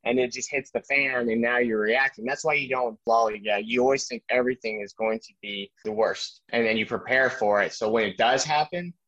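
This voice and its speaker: A man's voice: medium pitch, fairly quick, hardly any pauses, dry recording. Man with a dull, dry lo-fi sound. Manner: animated, recounting with many fillers and restarts. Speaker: army veteran guest. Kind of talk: casual storytelling interview.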